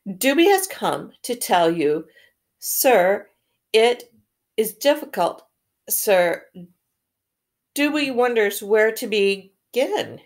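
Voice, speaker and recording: A small, nervous house elf pleads and frets in a slightly raised voice, as a woman reading a storybook aloud puts him on. He speaks slowly and earnestly, addressing everyone as sir. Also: on the high side, big pitch swings, voice pushed up, exaggerated voice. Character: timid, anxious male house elf servant.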